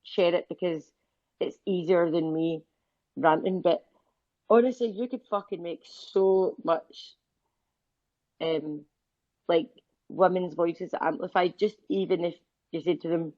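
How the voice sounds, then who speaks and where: A woman's voice: fairly low pitch, slow, pauses often, mellow, no room sound, dull audio. A woman, talking bluntly and swearing in a casual, heated chat. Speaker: live audio room speaker.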